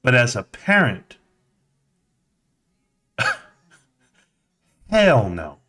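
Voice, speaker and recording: Animated storytelling man. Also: drawn-out words. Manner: animated, acts out quotes in a high voice; conversational, with fillers and restarts. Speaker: livestream host. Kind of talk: casual personal storytelling.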